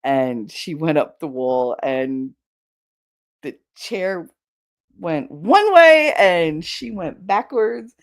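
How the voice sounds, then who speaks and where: This is a woman hosting a relaxed livestream and chatting straight to her viewers. Her voice moves freely from high to low, with frequent laughter and casual swearing. The talk stays loose and conversational throughout. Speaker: livestream host.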